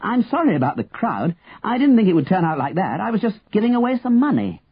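A man doing a shouting, carefree rich man. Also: sits high, big pitch swings, quick pace, breathy edge, lo-fi sound, pitched above the performer's own voice, heavily acted. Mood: apologetic. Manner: shouting from a balcony. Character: cheerful rich man giving away money.

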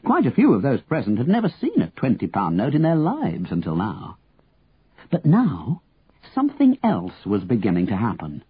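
A man reading a story aloud with expressive, lively storytelling. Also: mid-range voice, normal speed, breathy edge, dry recording, narrow, tinny audio. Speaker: narrator.

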